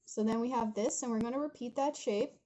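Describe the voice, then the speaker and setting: A woman's voice: a little high, a little fast, warm tone, rough recording. A young woman talking viewers through a drawing tutorial from her home studio, chatty and giggly, calling them guys as she goes. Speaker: art instructor.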